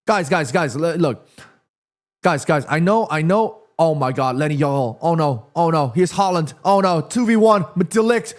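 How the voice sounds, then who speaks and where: Excitable man hosting a watchalong. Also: a little high, normal speed. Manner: excitable, reacting aloud to live play; chatty, addresses viewers and reads their comments. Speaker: watchalong host. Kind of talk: live football watchalong commentary.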